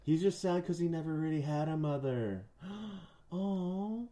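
A man's voice: a little high, brisk, warm tone. A man in his forties co-hosting a podcast, ranting and mocking in casual chat full of swearing. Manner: profane, mocking, jokey ranting. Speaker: podcast co-host. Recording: echoey room.

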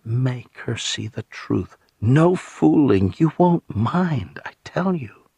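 A man reading aloud, voicing a calm, persuasive man who coaxes gently and sometimes drops to a hush. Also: medium pitch, takes it slowly, vocal fry, slightly rough, no echo, voice pushed up, full character voice. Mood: coaxing. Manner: soothing, insistent, dropping to a hush.

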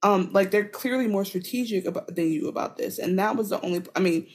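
A woman's voice: mid-range voice, brisk, a little mellow. A woman co-hosting a podcast, giving emphatic, playful commentary on episodes. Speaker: podcast co-host. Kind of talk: casual recap chat.

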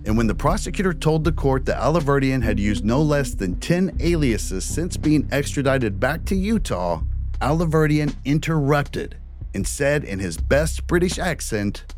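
A man hosting a daily crime news show, delivering scripted stories with dry, sarcastic jokes. His pitch moves around a lot as he reads. Faint music sits under his voice. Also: expressive, normal speed, a little mellow. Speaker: true crime podcast host. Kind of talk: scripted news narration with wry asides.

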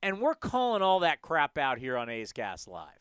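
A man hosting a sports talk show, ranting in an animated, emphatic way into a studio microphone. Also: on the high side, moderate pace, clear, resonant tone, no room sound. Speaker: sports podcast host.

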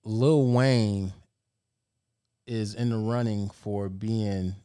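A man hosting a loose group podcast, talking in a fairly low voice with a flat, weary ease. His delivery is blunt and full of swearing, as though the session has run long. The sound is dry and close on a podcast mic. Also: drawn-out words, smooth, no echo. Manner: laid-back, profane, blunt. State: tired, low energy. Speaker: podcast host. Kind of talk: casual group podcast chat.

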